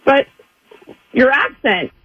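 A woman's voice: high-pitched, wildly swooping pitch, takes it slowly, dull audio. A woman guest on a radio show, chatty and flustered, talking with lots of fillers. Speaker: on-air guest, employer. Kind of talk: casual conversation.

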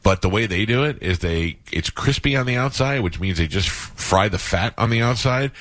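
Radio host, male: very low, dry studio sound, rambling jokey storyteller. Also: animated, moderate pace, a bit bright, no room sound. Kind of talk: casual morning-show banter.

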